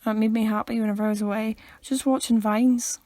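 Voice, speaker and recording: An animated young woman co-hosts a podcast, speaking in a fairly high voice. The recording is dry and close, with no room sound at all. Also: a little fast, dry recording. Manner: animated, bursts into silly quote voices. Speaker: podcast co-host. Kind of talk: casual chat.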